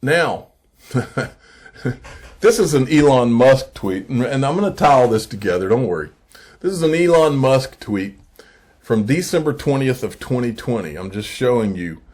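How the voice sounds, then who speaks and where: A man hosting a crypto investing channel, giving casual emphatic commentary and repeating points slowly for effect. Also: mid-range voice, expressive, a little mellow. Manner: addresses viewers as folks, frequent okay. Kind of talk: casual commentary on screen posts.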